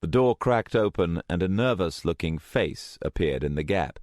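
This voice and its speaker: Deep-voiced, lively male narrator. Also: normal speed, dry recording. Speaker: audiobook narrator. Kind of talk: scripted narration. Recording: dry close studio sound.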